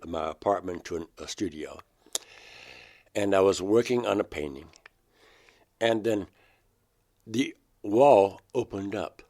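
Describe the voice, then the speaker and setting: A fairly low-pitched older man from Georgia, USA, is being interviewed as a guest. He speaks earnestly about personal experiences and bursts out loudly at moments while reenacting remembered dialogue.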